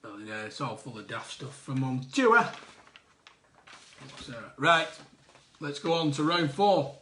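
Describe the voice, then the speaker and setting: A man's voice: on the high side, expressive, slow pace, pushed and bright. A man hosting a live online quiz, reading out answers with jokey, chatty asides. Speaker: quiz host.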